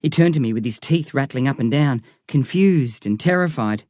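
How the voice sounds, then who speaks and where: A man reading a novel aloud in measured, vivid scripted narration. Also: medium pitch, expressive, darkish tone, no echo, clean studio sound. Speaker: audiobook reader.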